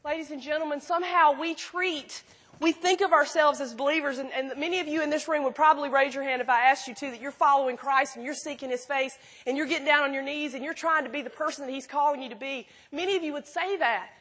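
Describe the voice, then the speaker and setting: A middle-aged woman giving an animated, folksy sermon, telling stories to a school audience. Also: sits high. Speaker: speaker at a school chapel. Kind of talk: sermon with storytelling.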